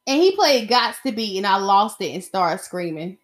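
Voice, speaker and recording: A young woman hosting her own podcast, chatting casually and animatedly, getting excited as she tells stories. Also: mid-range voice, moderate pace. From Atlanta area. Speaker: podcast host. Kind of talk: casual solo podcast chat.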